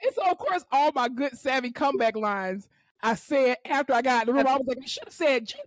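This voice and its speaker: A young adult woman co-hosting a podcast, telling a work story in casual chat and acting out the quotes with loud swearing. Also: high voice, expressive, fairly quick, no room sound. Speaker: podcast co-host.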